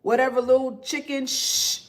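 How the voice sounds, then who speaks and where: A woman giving casual spiritual commentary to her viewers, slow and drawn-out, sarcastic and laughing often. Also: sits high, fairly even intonation.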